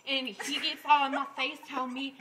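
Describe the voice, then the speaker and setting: A man voicing a brash, crude young woman who laughs through her loud improvised comic story. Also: very high-pitched, flat delivery, brisk, noisy background.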